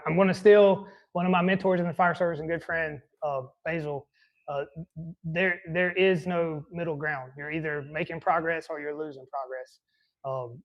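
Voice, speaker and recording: A man's voice: fairly high pitch, muffled recording. A man who is a fire captain, answering interview questions earnestly and reflectively, with many restarts. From American South.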